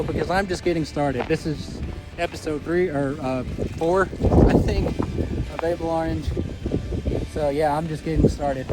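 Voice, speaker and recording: Winded man on an outdoor trail vlog. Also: fairly high pitch. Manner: chatty, joking, explains his muscles in plain terms. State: out of breath. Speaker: vlog host. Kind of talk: hiking vlog narration.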